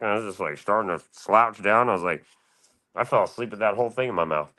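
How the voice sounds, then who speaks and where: Deep-voiced profane man in his forties. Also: animated, quick pace, sharp tone. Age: 40s. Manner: profane, rambling, slangy. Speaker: panel guest. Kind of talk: casual rambling chat.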